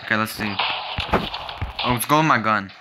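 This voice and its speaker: A man giving casual, excitable commentary over his own gameplay, reacting loudly to what happens. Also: on the low side, normal speed, very noisy.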